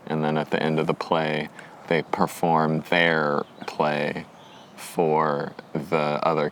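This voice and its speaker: A man's voice: rumbling low, slight background noise. A man co-hosting a podcast in laid-back, rambling chat, laughing often. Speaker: podcast co-host. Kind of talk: casual chat.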